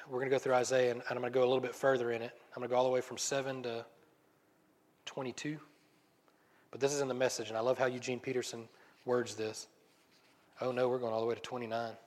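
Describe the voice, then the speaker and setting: In a space with long reverb, a medium-pitched male preacher reads out passages of scripture before unpacking them conversationally and at ease, as part of his sermon.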